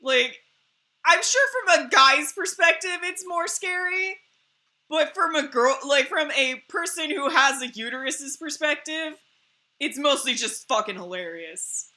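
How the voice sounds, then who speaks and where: A woman's voice: high voice, a little slow, sharp tone. A woman streamer in casual chat on a live stream, laughing often and swearing freely.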